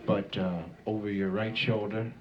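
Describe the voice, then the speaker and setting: A man voicing a scheming male saber-toothed tiger in a low, drawling, conspiratorial voice, on a hissy home tape. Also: flat delivery, measured pace, highs cut off, crowd noise, lightly acted. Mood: hushed warning.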